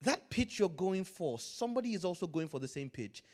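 Pastor preaching, higher voice, pitch jumping all over, loud then quiet. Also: male voice, big pitch swings, a little fast. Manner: dramatic swings from loud to hushed, Nigerian Pidgin asides. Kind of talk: sermon.

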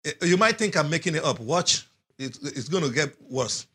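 Husky, lively-voiced male preacher. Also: fairly high pitch, moderate pace. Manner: reads scripture aloud with emphatic rises and drops; asks the listeners questions and answers them himself. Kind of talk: sermon.

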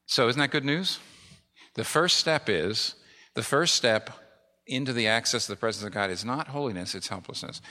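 A man's voice: medium pitch, moderate pace, pushed and bright. A middle-aged male pastor preaching a sermon with emphatic repetition. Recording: long reverb of a large hall.

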